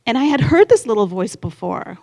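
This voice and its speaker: A woman's voice: a little high, big pitch swings, brisk, darkish tone. A woman in her fifties telling a candid personal story on stage at a live event, chatty and acting out her own inner voice. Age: 50s.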